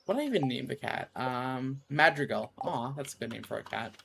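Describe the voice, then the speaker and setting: A man's voice: medium pitch, lively intonation, fairly quick, vocal fry, fairly bright tone, slight background noise. A man chatting casually on a game stream, rambling and goofy, often stopping to restart his sentences. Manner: rambling, self-interrupting, goofy asides. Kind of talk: casual chat while gaming.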